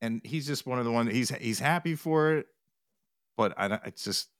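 This man, a TikTok music reactor, is a guest on a podcast, talking in a medium-pitched voice at a moderate pace. The casual interview chat meanders with restarts and retold quotes, and the studio-quality audio has no echo.

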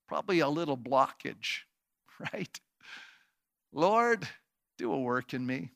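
A man's voice: fairly high pitch, big pitch swings, slow, pauses often, fairly bright tone. A man pastor preaching a sermon, reading scripture aloud and then building to emphatic, repeated declarations, with rhetorical questions to his listeners. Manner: uses sound effects and asks the congregation questions.

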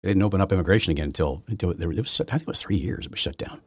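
Rambling, husky-voiced man ranting. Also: expressive, rapid-fire, no echo, studio quality. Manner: rambling, restarts often, swings between loud ranting and low muttering. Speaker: podcast host. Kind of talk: solo political commentary rant. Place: home basement.

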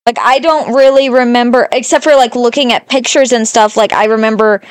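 A woman in her twenties co-hosting a podcast, telling animated stories in casual chat and swearing freely. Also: a little high, a little fast, clear, resonant tone, no echo, studio quality. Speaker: podcast co-host.

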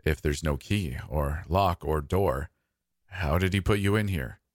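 A man's voice: a bass voice, a little slow, no room sound, studio quality. A man voicing a shy, earnest sixteen-year-old boy whose voice has not yet dropped, in a spoken story. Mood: worried. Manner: earnest and nervous.

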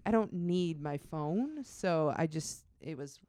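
A woman's voice: sits low, slow pace, no room sound, clean studio sound. An American woman in casual chat, telling a travel story with lots of "like" and acted-out quotes. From United States. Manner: animated storyteller, acts out quoted voices, says "like" often.

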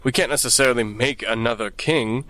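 A man's voice: mid-range voice, brisk, fairly bright tone, dry recording. A man playing a tabletop game, arguing bluntly and pragmatically. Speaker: player. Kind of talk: tabletop role-play.

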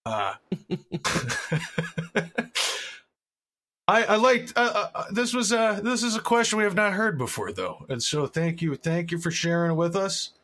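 A man's voice: high voice, very animated, unhurried, pauses often, pushed and bright. A man co-hosting a podcast in casual comedic chat, rambling and crude, often losing his train of thought. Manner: rambling, crude and jokey, trails off. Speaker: podcast co-host.

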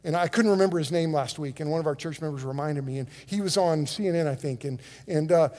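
High-pitched male pastor, emphatic pulpit delivery with stumbling repeats, long church-hall reverb. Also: a little mellow. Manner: emphatic preaching, dramatic pauses, acts out quotes; frequent repeated words and restarts. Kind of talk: sermon. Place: church sanctuary.

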